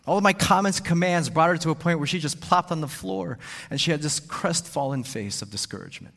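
A man's voice: fairly high pitch, animated, brisk, gravelly, a bit bright. A male pastor delivering a sermon, often repeating words and tagging sentences with "right?". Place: church. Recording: long reverb in a church hall.

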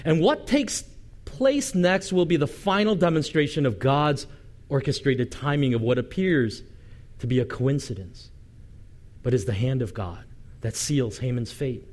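A male pastor preaching a sermon, reading scripture dramatically and telling the story with lively asides and light humor. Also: medium pitch, a little slow.

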